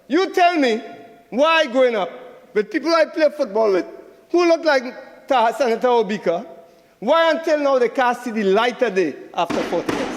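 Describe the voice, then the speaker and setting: A man's voice: very high-pitched, long reverb tail. A man with a Trinidadian accent giving a combative senate debate speech, repeating phrases for emphasis. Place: senate chamber.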